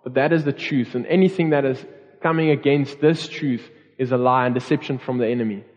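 A man's voice: mid-range voice, a little fast, a little mellow. A man preaching a sermon to a church congregation, earnest, with repeated phrases and restarts. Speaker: pastor. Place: church hall. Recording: dull recording in a long-reverb hall.

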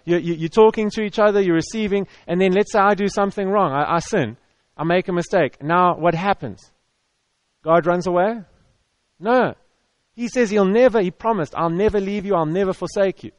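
High-voiced man preaching a casual sermon. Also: moderate pace, no echo. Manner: conversational, repetitive, with stammered restarts. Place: church hall with audience.

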